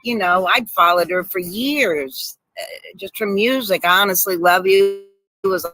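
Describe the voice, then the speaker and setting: A woman guest shares stories with animated energy and frequent laughter. Her voice is bright and forceful, and it sounds dry and close with no room around it. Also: medium pitch, unhurried, no room sound, low-quality recording. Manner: animated storyteller, laughs often. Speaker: guest actress. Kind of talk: casual storytelling chat.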